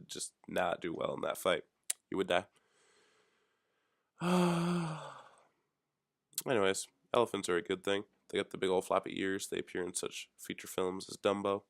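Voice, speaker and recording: A young man hosting a solo talk show, rambling through offhand, deadpan, jokey musings. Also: fairly low pitch, no echo, studio quality. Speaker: podcast host.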